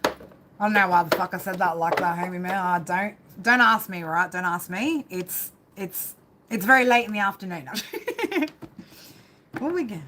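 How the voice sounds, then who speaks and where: A woman's voice: mid-range voice, expressive, moderate pace, bright, forceful tone, a little hiss or hum. A woman giving a live tarot reading on a stream. She rambles casually and swears, and ends almost every phrase with "right?". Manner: rambling, casual and profane, constant "right?" tags. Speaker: tarot reader.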